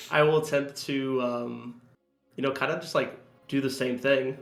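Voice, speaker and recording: A man's voice: mid-range voice, steady tone, slow pace, vocal fry, echoey room, music in the background. A man taking part in a tabletop role-play, talking hesitantly with fillers. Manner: hesitant, laughing, many fillers. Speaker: player.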